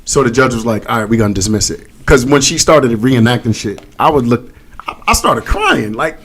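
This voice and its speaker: Guy on a podcast, cussing, acting out what people said, mid-pitch. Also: normal speed. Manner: animated storyteller, cursing, acts out quotes. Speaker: podcast co-host. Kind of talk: casual chat.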